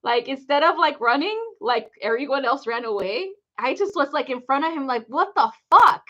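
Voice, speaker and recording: A woman's voice: high-pitched, lively intonation, a little fast, a bit bright, dull audio. A woman hosting a live psychic reading stream, telling rambling stories in casual chat, laughing often and swearing freely.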